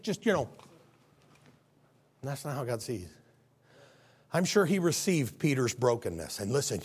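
Older-ish pastor guy preaching, fairly high voice, goes from quiet to shouting. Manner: animated, swings from soft to shouting. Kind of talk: sermon.

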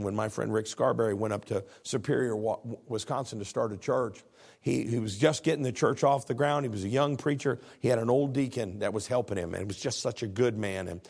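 Gravelly, husky-voiced male preacher. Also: mid-range voice, darkish tone. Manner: earnest preaching, reads scripture aloud, repeats words. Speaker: pastor. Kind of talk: sermon.

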